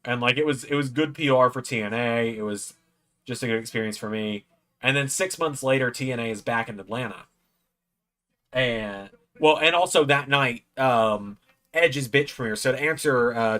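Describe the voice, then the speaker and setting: A man rambling through a casual anecdote, his pitch sitting right in the middle. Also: pushed and bright. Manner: rambling anecdote, acts out quoted lines in a raised voice. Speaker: watch-along host. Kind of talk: casual storytelling.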